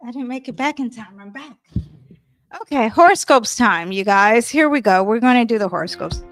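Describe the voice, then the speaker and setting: A woman's voice: on the high side, lively intonation, normal speed, no room sound. A woman astrologer reading horoscopes in a casual, chatty way, with lots of fillers and "okay?" check-ins. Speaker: tarot reader and astrologer.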